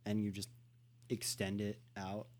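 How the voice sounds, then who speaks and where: A man's voice: on the low side, monotone, unhurried, darkish tone. A man co-hosting a podcast in casual chat, laid-back and joking. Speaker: podcast co-host.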